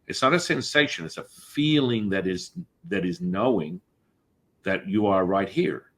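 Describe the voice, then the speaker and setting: A man's voice: mid-range voice, big pitch swings, unhurried, gravelly, a bit bright. A man hosting a podcast, talking in a meandering, reflective way about spiritual ideas. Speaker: podcast host. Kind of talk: spiritual conversation.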